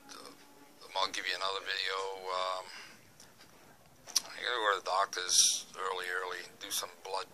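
Rambling older Boston man, bright voice. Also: lowish voice, a little hiss or hum. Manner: rambling, leans on "you know", folksy jokes. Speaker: vlogger. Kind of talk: casual home vlog chat. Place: at home.

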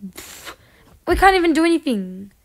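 A woman hosting a gaming channel, giving casual gameplay commentary with excitable, frustrated outbursts. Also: very high-pitched, normal speed.

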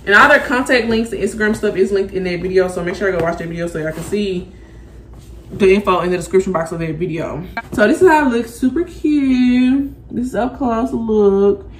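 A young woman vlogger talks her viewers through an unboxing in a loose, chatty way, full of slang and asides to "y'all". Her pitch sits in a middling range. A faint hiss of noise runs under the recording. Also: brisk, roomy sound, recorded from a distance. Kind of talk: casual unboxing chat.

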